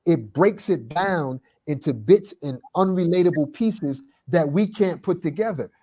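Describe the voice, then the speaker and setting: A man's voice: a little high, animated, measured pace, dark tone, husky. A man hosting a talk show, speaking earnestly and stacking phrases for emphasis. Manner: emphatic, builds lists for emphasis. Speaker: host.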